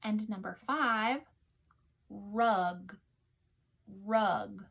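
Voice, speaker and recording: Slow, deliberate woman teacher. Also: mid-range voice, vocal fry, a bit bright, slightly rough. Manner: slow, deliberate, sounding out each word. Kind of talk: recorded phonics dictation lesson.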